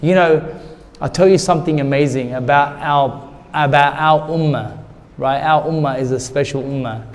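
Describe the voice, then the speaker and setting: A man's voice: fairly high pitch, normal speed, in a large hall. Earnest man telling his story. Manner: earnest, heartfelt, repeats words when emotional. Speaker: interview guest. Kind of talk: candid personal storytelling.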